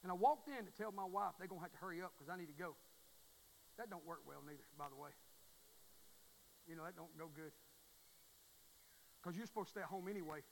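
A man in his forties with a Southern US accent, preaching a sermon in a folksy, emphatic way. He repeats his points and swings between hushed asides and near shouting. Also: high voice, brisk, gravelly, pauses often, slight background noise, low-quality recording. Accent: Southern US (Mississippi).

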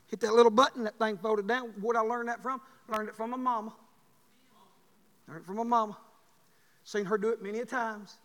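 A man preaching a sermon, telling folksy stories and rising to loud bursts. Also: very high voice, big-room sound.

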